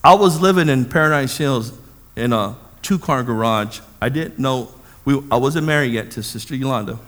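A man preaching, telling a personal testimony as a lively story and acting out the voices of the people in it. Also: mid-range voice, normal speed, long reverb tail. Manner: animated storytelling, acts out voices. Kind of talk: sermon testimony.

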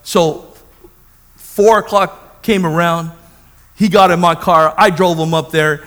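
Guy preaching a testimony, high voice, big echoey hall, acts out the voices. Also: slow pace. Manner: animated storytelling, acts out voices. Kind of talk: sermon testimony.

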